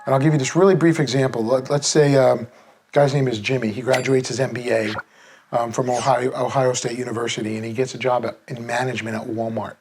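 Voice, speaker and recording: A man's voice: medium pitch, steady tone, fairly quick, a little mellow, slight background noise. A man teaching a sales lesson through a casual story, acting out the people he quotes. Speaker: sales trainer.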